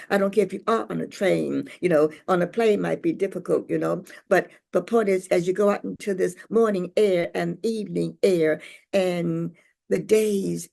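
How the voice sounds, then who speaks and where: A woman's voice: on the low side, creaky, mellow. An older woman poet, reading a poem and then telling stories in a rhythmic, playful way, acting out voices. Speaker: poet and speaker. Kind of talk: poetry reading and storytelling talk.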